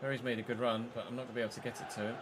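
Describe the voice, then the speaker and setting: A man's voice: medium pitch, level tone, rapid-fire, background noise. A man giving live, mock match commentary while playing a football game, swearing when frustrated.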